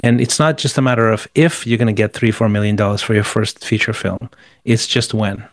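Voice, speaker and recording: A man's voice: on the low side, fairly even intonation, brisk, dry recording. A man answering interview questions with motivational business advice, emphatic and repeating words as he rattles off lists. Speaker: guest.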